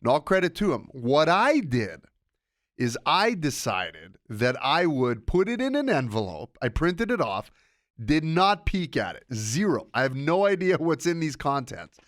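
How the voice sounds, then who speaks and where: Alone on his sports podcast, a man rambles casually, often cutting himself off. His voice is a little high, sing-song, unhurried and a bit bright, recorded at studio quality with no room sound.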